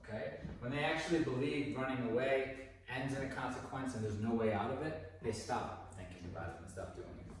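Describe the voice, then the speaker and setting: A man's voice: fairly quick, recorded from a distance, noisy background. Man training a dog, echoey room. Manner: explains conversationally, then bursts into high, excited praise for the dog. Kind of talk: casual training demonstration.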